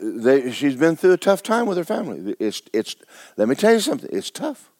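A man's voice: mid-range voice, wildly swooping pitch, fairly quick, darkish tone, no echo, studio quality. A man preaching a sermon as pastor, talking to his congregation with rhetorical questions. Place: church sanctuary.

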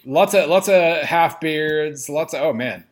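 A man's voice: a little high, a little slow. A man talking casually about college football on a podcast, laid-back and chuckling. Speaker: podcast guest. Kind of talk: casual sports chat.

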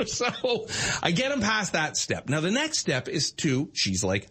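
A middle-aged man telling a story in casual chat, animated and acting out voices. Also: fairly high pitch, a little slow, slight background noise.

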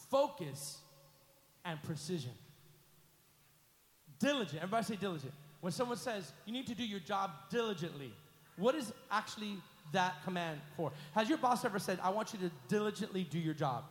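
A man preaching a sermon as pastor, leading his congregation in call-and-response and climbing to loud, emphatic peaks. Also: sits high. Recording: echoey hall with faint music.

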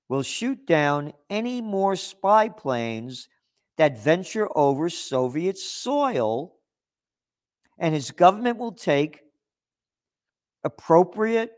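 A man with a somewhat high, very lively voice that rises and falls sharply as he argues. He reads passages aloud and then tears into them, sounding sarcastic and indignant. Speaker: political commentator. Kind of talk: opinion monologue reading and rebutting articles.

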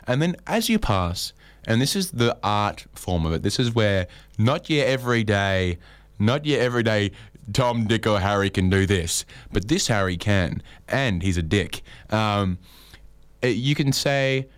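A man's voice: on the low side, expressive, measured pace, smooth, no room sound. Rambling man, dry delivery. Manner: rambling, dry, self-mocking asides. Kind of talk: comedic monologue.

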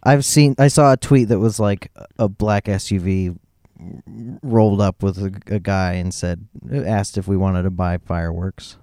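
A man's voice: sits low, steady tone, measured pace, mellow, clear, resonant tone, no echo, clean studio sound. A man from Florida chatting casually, hesitant and often restarting his sentences. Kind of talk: casual chat.

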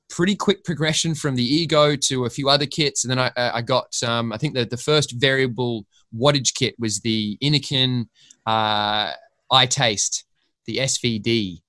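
A man's voice: medium pitch, steady tone, normal speed, pushed and bright, no room sound. An Australian man, a podcast guest, rambling through a story in casual chat and swearing freely.

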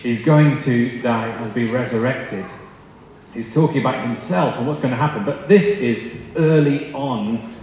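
A young male preacher tells a humorous, self-deprecating story in a relaxed, chatty sermon style at a middle pitch. His voice rings through a large, very echoey hall with a long reverb tail. A faint hum of noise sits underneath. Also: unhurried.

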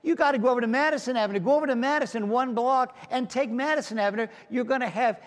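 A man voicing God as a casual, easygoing male figure who talks in relaxed slang, in a sermon. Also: very high voice, fast talker, pitched above the performer's own voice. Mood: laid-back. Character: God speaking as a laid-back, easygoing male voice. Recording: long hall reverb.

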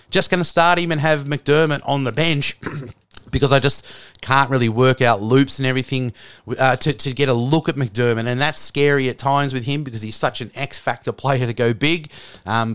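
A man hosting a fantasy cricket podcast in casual, rambling solo chat, frank and quick to laugh. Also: medium pitch, a bit bright, clear, resonant tone, no echo.

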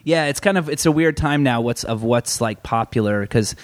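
A man's voice: mid-range voice, moderate pace, dry recording. Rambling man full of "like" fillers. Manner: rambling, fills nearly every phrase with "like". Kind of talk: casual chat.

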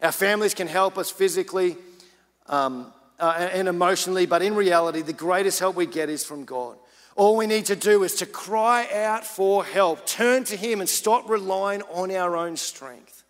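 A man's voice: high-pitched, a bit bright. A man preaching a sermon as pastor, chatty and personal, then building to earnest emphasis. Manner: casual preaching, rising to urgent emphasis. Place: church. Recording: church hall reverb.

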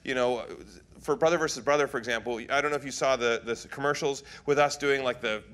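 A man's voice: medium pitch, steady tone, fast, fairly bright tone. A man in a joking onstage conversation, wry and self-mocking, before a live audience. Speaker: TV host talking with an interviewer.

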